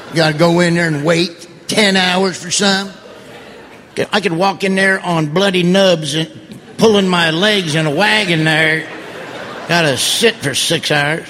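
A man's voice: a little high, fairly even intonation, a little slow, pushed and bright, slight background noise. A man doing stand-up comedy, with folksy, grumbling, self-mocking delivery. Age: 50s.

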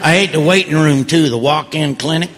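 Self-mocking man, high-pitched. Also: fairly quick, fairly bright tone. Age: 50s. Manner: folksy, grumbling, self-mocking delivery. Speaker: stand-up comedian. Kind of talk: stand-up comedy set.

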